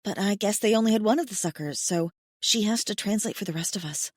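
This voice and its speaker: A woman's voice: medium pitch, fast, breathy edge, no echo, studio quality, close to an everyday voice. A woman reading the part of a blunt, wry young farm-raised woman in an audiobook, frank and darkly joking. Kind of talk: audiobook character voice.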